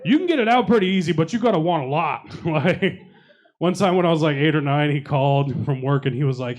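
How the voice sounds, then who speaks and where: Profane stand-up comic, crowd work. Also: male voice, on the high side, brisk, a little mellow. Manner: profane, self-deprecating storytelling with crowd work. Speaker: stand-up comedian. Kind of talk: stand-up comedy set. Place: comedy showcase venue with live audience.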